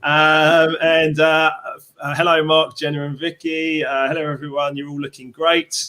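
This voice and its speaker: A man's voice: fairly high pitch, flat delivery, normal speed, pushed and bright. Man with a London Cockney accent. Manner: rambling, with many fillers and restarts. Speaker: host and success coach. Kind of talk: live stream chat.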